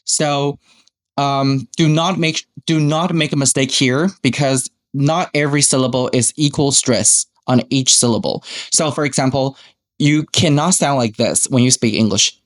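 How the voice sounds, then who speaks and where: A man's voice: medium pitch, moderate pace. Man teaching English. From Taiwan. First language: Mandarin. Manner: explains step by step, models example phrases aloud. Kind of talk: podcast lesson on speaking skills.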